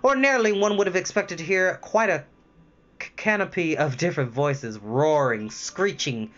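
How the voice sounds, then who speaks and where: A man reading a storybook aloud, lively, with chatty asides and self-corrections. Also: on the high side, moderate pace, dull audio.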